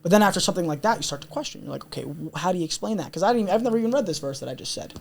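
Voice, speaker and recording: A man's voice: high-pitched, expressive, racing, creaky. Earnest intense young man. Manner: intense, earnest, repeats himself. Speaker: podcast guest. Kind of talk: candid storytelling.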